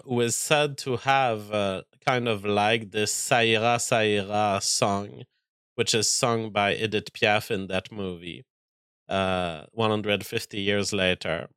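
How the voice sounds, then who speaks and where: A man talks through a film review in a loose, casual way, sounding fed up and ranting as he goes. His voice is bright and forceful, and he often restarts his sentences. The sound is dry and close, with no room around it. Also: medium pitch, smooth, dry recording. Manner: exasperated, ranting, frequent restarts. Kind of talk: casual spoken film critique.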